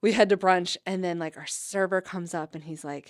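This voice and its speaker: A woman's voice: lowish voice, a little fast, no echo. Brief: young woman trainer, podcast guest, talkative, filler-heavy storytelling, dry booth sound. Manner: chatty, heavy use of "like", animated retelling. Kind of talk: casual storytelling interview.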